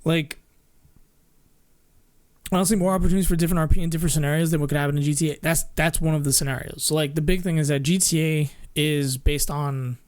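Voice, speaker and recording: A man's voice: a little high, steady tone, fast talker, a little mellow. A man streaming and chatting casually, rambling with lots of fillers, restarts and little laughs. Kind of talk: casual chat with chat.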